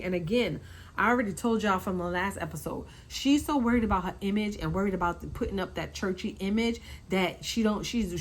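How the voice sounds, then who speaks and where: A woman hosting a casual recap, talking in an animated way, repeating her points and acting out quotes. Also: medium pitch, a little hiss or hum, low-quality recording. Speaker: reality TV recap host.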